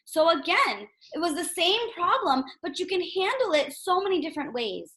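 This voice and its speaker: A woman with a high voice teaches a reading lesson to young children. She speaks gently and asks many questions. She keeps checking in with her listeners. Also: very animated, moderate pace.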